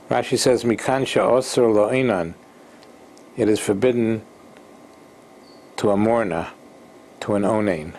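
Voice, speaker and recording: Slow, halting man giving a Torah lesson. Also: mid-range voice, darkish tone. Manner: slow, halting, repeats words and restarts; mixes Hebrew and Yiddish-style Torah terms into English. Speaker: Torah teacher.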